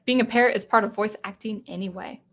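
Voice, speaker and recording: A woman hosting a late-night live stream in a loose, conversational voice that sits at an everyday middle pitch. She rambles, restarts her sentences and corrects herself as she goes, and reads viewer comments aloud. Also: fast, a bit bright. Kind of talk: casual live-stream chat.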